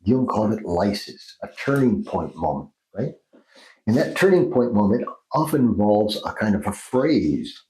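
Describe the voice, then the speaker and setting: A man's voice: fairly low pitch, sing-song, moderate pace, warm tone. A man being interviewed as a dream therapist, talking in a thoughtful, explaining way and sometimes acting out phrases in different tones. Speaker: guest, Jungian dream therapist. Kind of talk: reflective interview talk. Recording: roomy echo.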